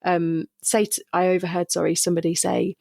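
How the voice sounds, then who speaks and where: A woman's voice: fairly low pitch, level tone, a little fast, vocal fry, a little mellow, no echo, clean studio sound. A chatty, frank British woman hosting a podcast interview in casual conversation. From Britain. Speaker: podcast host.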